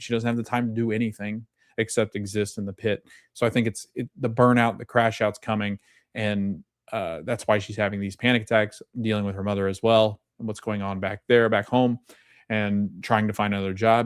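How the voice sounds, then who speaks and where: Low-voiced man recapping casually. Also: no room sound, studio quality. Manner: rambling, filler-heavy retelling. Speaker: podcast host.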